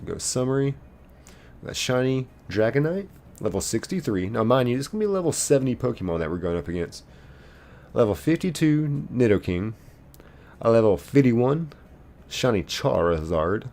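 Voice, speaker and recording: A man's voice: mid-range voice, big pitch swings, normal speed, darkish tone. A man live streaming a game, reading viewers' chat messages aloud and answering them playfully. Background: faint game music.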